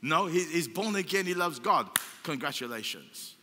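A man's voice: on the high side, lively intonation, normal speed, music in the background. Preaching man in an echoing hall. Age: older. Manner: emphatic, repetitive preaching with rhetorical questions. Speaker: pastor. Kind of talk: sermon. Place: church hall. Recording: long church hall reverb.

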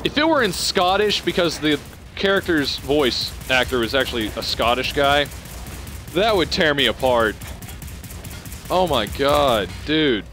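Young guy yelling and cussing at a boss fight, kinda high voice, game music going underneath. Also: a little slow. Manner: excitable, swearing, reacting out loud. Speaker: gameplay streamer. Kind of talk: live let's-play commentary.

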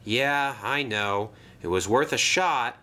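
A man voicing a cheeky prankster steam engine in a lifted, sly, quick voice. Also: mid-range voice, sharp tone.

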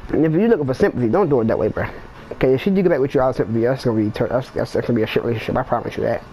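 A man's voice: medium pitch, rapid-fire, mellow, slight background noise, poor audio. A man chatting casually with a friend during an online game, profane and slangy, trading banter and blunt advice. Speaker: gamer in voice chat. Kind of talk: casual gaming chat.

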